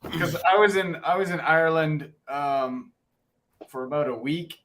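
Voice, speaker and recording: A man in casual group chat on a live stream, telling excitable travel stories with lots of halting restarts. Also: fairly high pitch.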